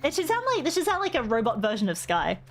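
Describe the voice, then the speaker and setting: Casting: a chatty, high-voiced woman streamer. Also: sing-song, rapid-fire, faint music behind. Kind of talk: casual game commentary.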